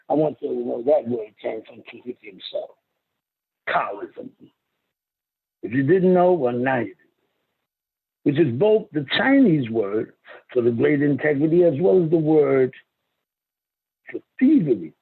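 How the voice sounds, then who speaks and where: A man speaks in a slow, wandering monologue, drifting into half-sung lines and sudden high exclamations. His voice is gravelly and very husky, with a fairly high pitch. The sound is thin and phone-like. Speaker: self-styled spiritual teacher. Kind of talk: rambling spoken monologue with singing. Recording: phone-quality lo-fi audio.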